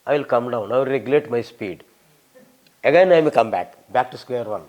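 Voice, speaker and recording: A man in his sixties with a Telugu accent, a visiting scholar answering questions in a fast, humorous and emphatic way. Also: medium pitch, a little mellow, lo-fi sound. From Telugu-speaking South India. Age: 60s. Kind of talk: lecture-style Q&A.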